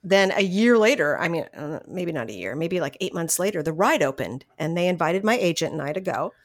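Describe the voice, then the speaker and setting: Animated woman voice actor telling stories. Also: on the low side, brisk. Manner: animated, laughs often, restarts sentences. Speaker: voice actress guest. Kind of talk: casual interview storytelling.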